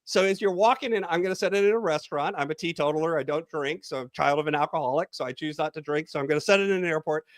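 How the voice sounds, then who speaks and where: A man with a fairly high voice, coaching as a podcast guest. He talks the listener through a story, guiding them to imagine step by step. The sound is dry and close. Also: racing, hardly any pauses, no room sound. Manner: storytelling, guided visualization. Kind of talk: podcast interview.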